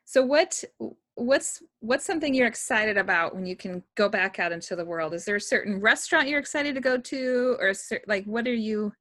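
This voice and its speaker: A woman's voice: a little high, expressive, a little fast, few pauses, fairly bright tone, no echo, studio quality. A woman hosting a casual chat, upbeat and encouraging. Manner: upbeat, encouraging, enthusiastic affirmations. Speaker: host health coach. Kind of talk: casual video call chat.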